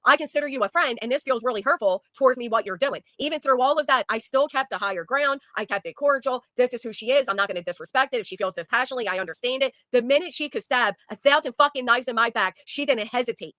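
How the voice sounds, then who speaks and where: A woman's voice: a little high, fast talker, hardly any pauses, fairly bright tone, dry recording, studio quality. A woman hosting a talk show, speaking in an angry, sarcastic, profane rant to her guest. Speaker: YouTube commentary host. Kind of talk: heated casual talk with a guest.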